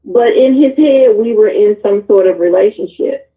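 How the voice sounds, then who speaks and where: A woman's voice: medium pitch, moderate pace. A candid woman telling frank personal stories in loose, casual chat, recorded over a tinny, phone-like line. She is a guest on a discussion panel. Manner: candid, animated storyteller.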